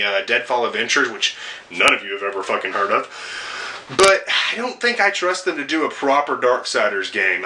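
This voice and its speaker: The voice is medium in pitch, pushed and bright, belonging to a young man reviewing video games. He launches into a sarcastic rant, swearing frequently and throwing in exasperated side comments.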